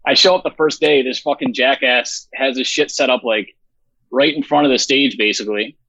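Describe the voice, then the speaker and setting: A man's voice: medium pitch, steady tone, a little fast, bright, forceful tone, no room sound. Sweary festival organizer guy, blunt and rambly, dry slightly dull audio. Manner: profane, blunt, rambling with fillers. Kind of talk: casual interview chat.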